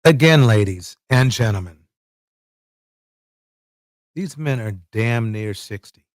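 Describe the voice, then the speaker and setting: Man, livestream commentary host, very slow, emphatic repetitions. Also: mid-range voice, animated, no echo, studio quality. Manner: emphatic, repeats words for effect.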